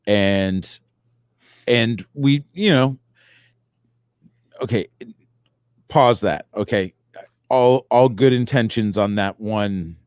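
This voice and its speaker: A man's voice: on the low side, slow, pauses often, a little mellow, dry recording, studio quality. Rambling man on a comedy podcast. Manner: rambling, meandering hypotheticals. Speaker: podcast co-host. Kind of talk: casual comedic chat.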